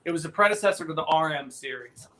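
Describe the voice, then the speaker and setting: Animated, profane storyteller in his fifties. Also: on the high side, quick pace. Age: 50s. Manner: animated, profane, jumps between voices. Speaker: podcast host. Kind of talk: casual storytelling.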